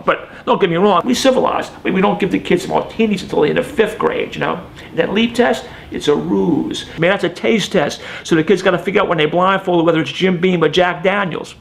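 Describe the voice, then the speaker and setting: A man's voice: sits high, gravelly, a little hiss or hum. A comedian playing a brash, rambling local man from New Orleans who gives advice over the phone, with a New Orleans accent. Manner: brash, rambling phone patter with "okay?" tags. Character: fast-talking local man giving tips on the phone. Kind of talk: live one-man stand-up sketch.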